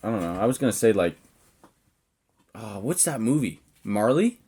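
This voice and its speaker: A young man co-hosting a podcast in casual chat, teasing his partner with quick comebacks and frequent laughter. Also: on the low side, very animated, warm tone, slightly rough. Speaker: podcast co-host.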